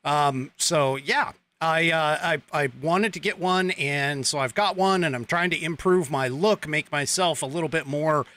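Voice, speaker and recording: A man's voice: a little high, a little slow, bright, forceful tone. A man hosting his political livestream show, chatting casually with his viewers in a rambling way, with lots of fillers and chuckles.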